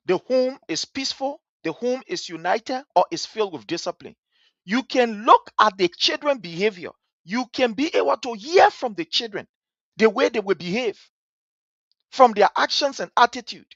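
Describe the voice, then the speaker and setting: Woman as talk-show host, preachy emphatic delivery, swooping pitch, dry muffled sound. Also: a bit bright, dry recording. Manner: emphatic, repetitive, sermon-like rhetoric. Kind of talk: political commentary monologue.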